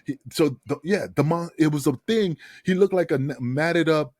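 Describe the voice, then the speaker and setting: A man, a guest on a podcast, telling a long story in a casual, animated way, laughing and swearing as he goes. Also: a little high, normal speed, dry recording, clean studio sound. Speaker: guest, former wrestler. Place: podcast studio.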